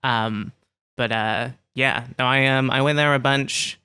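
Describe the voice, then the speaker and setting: Bright, smooth-voiced man telling chatty stories. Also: medium pitch, fairly even intonation, a little slow, no room sound. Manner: chatty, playful anecdotes. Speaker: podcast host. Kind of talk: casual chat.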